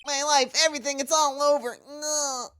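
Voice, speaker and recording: A woman's voice: fairly even intonation, moderate pace, a bit bright. A woman doing a whiny wimpy young man. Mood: despairing. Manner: high wailing sobs.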